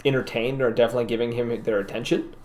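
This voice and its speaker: A man narrating as game master in a casual tabletop session, laid-back and quick to laugh. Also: mid-range voice, fairly even intonation, a little mellow.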